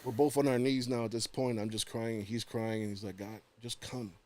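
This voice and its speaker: A man, a podcast guest telling a personal story in casual chat, animated and acting out the voices of the people in it. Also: mid-range voice, fairly quick.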